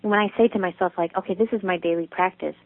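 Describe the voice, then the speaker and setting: A woman's voice: lowish voice, steady tone, rapid-fire, dry recording. A woman guest talks reflectively and openly about her daily habits, laughing easily as she goes. She sounds close and dry, squeezed through a tinny phone line. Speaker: guest author. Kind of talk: casual interview chat.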